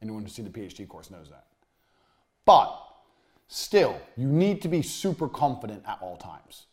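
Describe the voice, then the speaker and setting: A man teaching a motivational business course. He talks bluntly, swears, repeats his points for emphasis and lets phrases sink to a low, trailing finish. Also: big pitch swings, normal speed, a little mellow. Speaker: course instructor.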